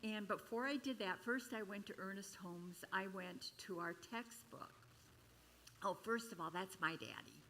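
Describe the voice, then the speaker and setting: An older woman minister telling a personal story in a chatty, expressive sermon at a church service. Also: a little slow, vocal fry, a little hiss or hum, rough recording. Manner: chatty and expressive, with sudden jumps in pitch and loudness.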